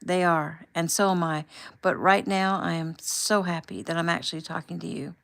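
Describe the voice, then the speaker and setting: A woman voicing a young newlywed wife, excited and emotional, raising her voice with a slight gravelly edge. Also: normal speed. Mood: cheerful. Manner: excited, higher and louder.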